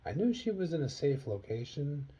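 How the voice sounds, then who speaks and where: A man from Wisconsin earnestly telling a personal story in a vlog, acting out the dialogue with sharp jumps up in pitch. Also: sing-song, moderate pace, breathy edge, dull audio. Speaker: vlogger.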